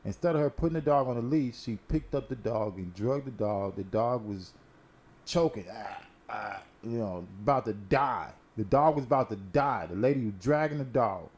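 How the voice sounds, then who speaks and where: A man's voice: mid-range voice, lively intonation, normal speed, darkish tone. A man hosting a casual current-events talk, telling stories in a laid-back, slangy and profane way while smoking. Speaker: host.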